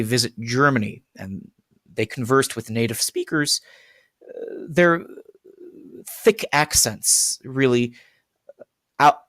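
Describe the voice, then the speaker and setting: A young American language teacher gives an earnest explanatory presentation on pronunciation, full of fillers and restarts. His medium-pitched, fairly bright voice is captured in a dry, studio-quality recording.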